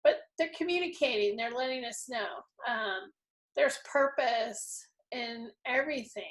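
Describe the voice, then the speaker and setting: A woman's voice: high voice, animated, a little slow, a bit bright. A middle-aged woman hosting a casual spiritual interview, effusive and openly emotional. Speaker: host.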